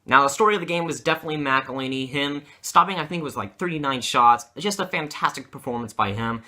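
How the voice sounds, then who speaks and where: A man's voice: medium pitch, fast, bright, forceful tone. A young man giving an eager, upbeat guest take on a hockey game. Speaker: guest hockey fan youtuber. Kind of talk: casual game recap.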